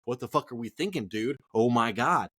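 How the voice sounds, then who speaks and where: A man's voice: mid-range voice, animated, brisk, fairly bright tone, breathy edge. A man co-hosting a fantasy football show, ranting casually with heated swearing. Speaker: fantasy football podcast co-host. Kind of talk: casual profane rant.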